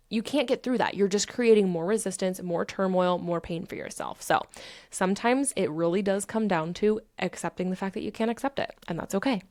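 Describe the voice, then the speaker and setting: A woman hosting a self-help podcast, speaking candidly and swearing freely. She leans on repeated words for emphasis. Her voice sits at a middle pitch and sounds dry and close to the mic. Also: dry recording. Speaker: podcast host.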